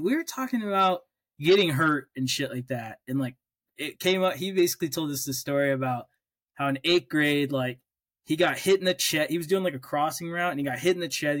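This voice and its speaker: A man's voice: fairly high pitch, fairly bright tone, no room sound. Swearing young man, dry close sound. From Oklahoma. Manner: storytelling, swears freely, restarts often. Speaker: podcast co-host. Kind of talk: casual chat.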